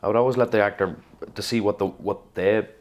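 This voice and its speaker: A man, an actor and theatre director, talking through his craft in a relaxed conversation and acting out bits of dialogue. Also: lowish voice, fast talker, lo-fi sound. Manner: thoughtful, animated when acting out lines. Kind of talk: casual conversation.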